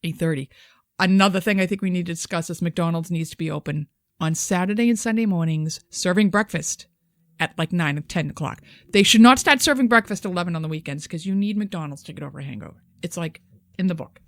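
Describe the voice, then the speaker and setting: A woman's voice: fairly low pitch, fast, no room sound. Foul-mouthed woman in her fifties, dry close sound. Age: 50s. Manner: animated, profane storytelling with acted-out quotes. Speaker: podcast co-host. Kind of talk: casual chat.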